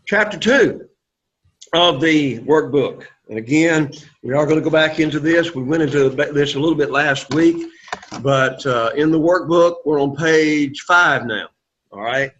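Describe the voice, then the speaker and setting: A man's voice: a little high, measured pace, fairly bright tone. A man leads a classroom lesson in a slightly raised voice, cheering his students on and having them say each word back to him. The recording is dull and lo-fi, taken in the classroom. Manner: encouraging, repeats words for the class to echo. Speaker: Greek teacher. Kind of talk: classroom lecture.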